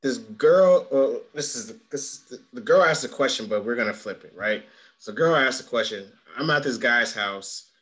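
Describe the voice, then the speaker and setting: A man hosting a casual podcast chat, relaxed, steering the segments and reading out listener questions. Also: medium pitch, normal speed. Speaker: podcast host.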